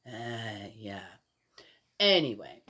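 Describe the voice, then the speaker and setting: A woman's voice: rumbling low, very animated, extremely slow, bright, forceful tone, slightly rough. An older grandmother talking in a casual, rambling monologue, opinionated and exasperated, with restarts and laughs as she tells stories. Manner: chatty, opinionated, exasperated storytelling.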